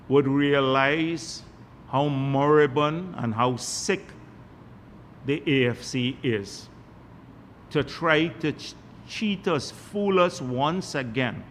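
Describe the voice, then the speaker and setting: A man's voice: mid-range voice, big-room sound, a little hiss or hum. A man with a Guyanese accent speaking as a party general secretary at a press conference, scornful and mocking toward his opponents.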